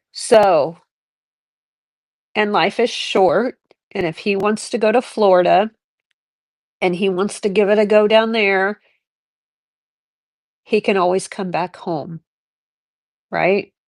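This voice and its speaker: A middle-aged woman talks straight to her livestream viewers in a loose, rambling way, often restarting her sentences. Her voice sits at an ordinary pitch. The recording is dry and close, with no room echo. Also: fairly even intonation, slow pace, long pauses. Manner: rambling, candid, reflective, many restarts. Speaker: livestream host. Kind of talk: casual livestream chat.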